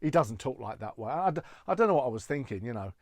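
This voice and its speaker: A man's voice: medium pitch, very animated, fast talker, a little mellow, no room sound. Male stand-up impressionist, chatty and self-deprecating, dry close sound. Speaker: impressionist comedian. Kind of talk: stand-up comedy set.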